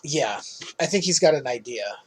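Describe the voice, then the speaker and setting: A man's voice: on the high side, animated, normal speed, husky, poor audio. A man podcast co-host recapping a film in casual chat, loose and swearing, laughing often.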